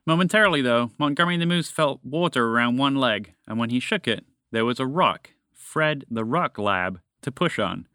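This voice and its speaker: Male storyteller, bright tone, dry recording, gentle children's-story read. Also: lively intonation, normal speed, few pauses, clear, resonant tone, no echo. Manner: gentle storybook reading, raising his pitch for characters' lines.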